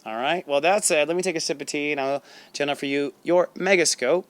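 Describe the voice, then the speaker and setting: A man with a smooth, clear and fairly high voice, telling stories on his own show. He talks casually and with animation, slipping into quoted voices. He laughs often as he goes. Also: fairly quick, no echo. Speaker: podcast host. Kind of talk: casual storytelling monologue.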